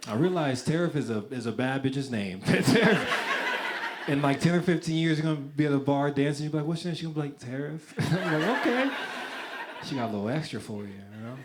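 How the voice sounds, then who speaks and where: A young man performing a stand-up set in a live venue, telling stories in an animated way and laughing through his punchlines. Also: medium pitch, quick pace, few pauses, very noisy. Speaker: stand-up comedian.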